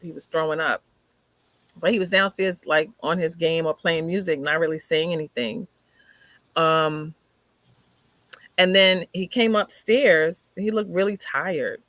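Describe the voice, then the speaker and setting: A woman's voice: low-pitched, steady tone, unhurried, pauses often, fairly bright tone, no echo. A woman telling a personal story in a conversation, acting out what people said as she goes. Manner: vivid retelling, acting out what others said. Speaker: guest sharing her life story. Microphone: video call.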